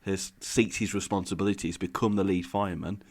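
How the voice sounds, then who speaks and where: With a low, steady voice and a brisk pace, a man co-hosting a podcast meanders through his explanations in casual conversation. He's eager to explain and often breaks into laughter.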